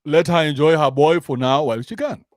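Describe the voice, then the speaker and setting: A man's voice: on the high side, a little fast, darkish tone, dry recording, studio quality. A man with a Kenyan accent giving a crude, mocking comic rant, switching between English and slang. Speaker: commentary show host. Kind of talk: rant-style comic commentary.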